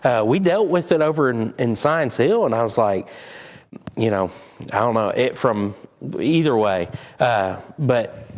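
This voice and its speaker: A middle-aged man talks loosely and folksily, like a pastor visiting with his church. He rambles and chuckles as he goes, in a mid-pitched voice that rises and falls a great deal. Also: lively intonation, a little slow, darkish tone. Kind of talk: casual chat with the congregation.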